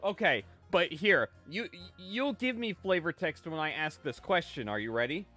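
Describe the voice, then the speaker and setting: A man's voice: fairly high pitch, animated, normal speed, sharp tone, faint music behind. A man hosting a gaming stream, teasing his guest with mock outrage and silly questions. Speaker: streamer host. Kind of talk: casual banter while playing a game.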